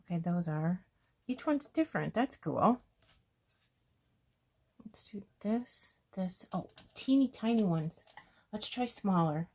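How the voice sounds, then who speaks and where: A woman with a low, gravelly voice and a husky edge talks her way through a scrapbook page. She chats casually and thinks aloud as she works, her words often sinking to a soft murmur. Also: lively intonation, unhurried. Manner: chatty, thinking aloud while working. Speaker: scrapbooking video host. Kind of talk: casual crafting talk-through.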